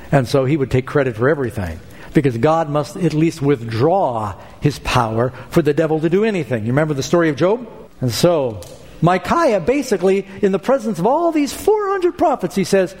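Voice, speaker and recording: Brief: male pastor, emphatic storytelling sermon, voice a touch high, long hall reverb. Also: a little mellow.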